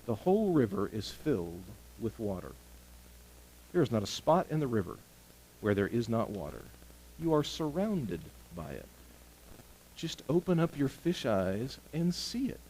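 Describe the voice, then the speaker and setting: A man's voice: mid-range voice, sing-song, a little slow, a little mellow, slight background noise, rough recording. A man playing a frustrated man who has searched for God all his life, sounding exasperated and indignant.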